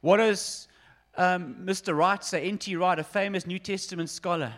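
A man's voice: sits high, steady tone, normal speed, a bit bright. A man in his forties preaching an earnest, emphatic sermon and speaking directly to his congregation. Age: 40s. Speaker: pastor.

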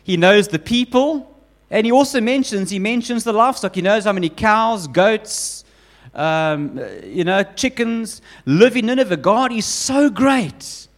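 A man preaching a sermon with emphatic, animated delivery, often building up repeated lists. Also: sits high, moderate pace. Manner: acts out quoted voices of God and Jonah.

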